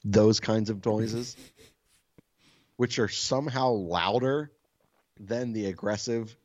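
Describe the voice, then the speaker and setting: A soft-spoken man co-hosting a podcast, telling a story casually, swearing freely and laughing at himself. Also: fairly low pitch, slow, dry recording, highs cut off. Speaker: podcast co-host.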